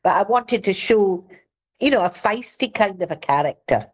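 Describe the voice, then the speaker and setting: A woman's voice: medium pitch, lively intonation, normal speed, slightly rough. Chatty Scottish woman. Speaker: actress guest. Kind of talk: casual interview chat.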